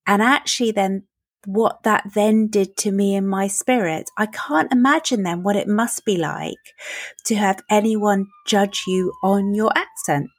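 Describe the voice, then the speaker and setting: A woman's voice: mid-range voice, a little slow, slightly rough, no room sound. A woman hosting a podcast speaks with a light Belfast lilt. She is chatty and reflective, rambling a little as she thinks aloud. The recording is close and dry. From Northern Ireland and England. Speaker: podcast host. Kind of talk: podcast interview.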